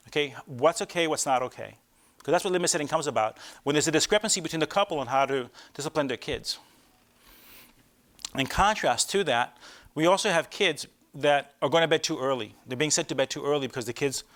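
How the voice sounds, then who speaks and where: A man's voice: a little high, fairly bright tone. A middle-aged man, a sleep doctor, giving a live talk to parents in a conversational way, often checking in with the audience with rhetorical questions.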